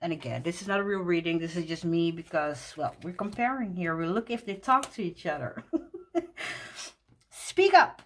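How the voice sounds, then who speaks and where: A woman walking through a tarot deck in casual talk, gushing and excited, laughing often. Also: fairly low pitch, normal speed, a little hiss or hum.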